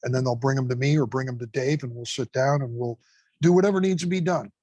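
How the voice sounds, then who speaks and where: Male guest instructor, husky, dry close sound, punchy profane storyteller. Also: mid-range voice, quick pace, a little mellow, dry recording, rough recording. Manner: emphatic storyteller who swears freely. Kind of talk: casual interview talk.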